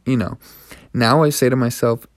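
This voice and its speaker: A young man hosts his own podcast, offering a reflective personal monologue in an earnest, encouraging way with many restarts. His mid-range voice keeps a steady tone at a normal speed. The studio sound is clean, with no room sound.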